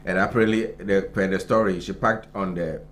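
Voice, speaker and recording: A man with a Ghanaian accent, co-hosting a live morning show, reading and chatting over the news in a relaxed way with fillers. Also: deep voice, brisk, a little hiss or hum. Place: TV studio.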